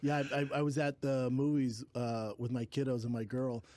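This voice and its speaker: A man telling animated, profane anecdotes in casual podcast chat, played from a clip. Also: medium pitch, moderate pace. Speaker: podcast guest telling stories.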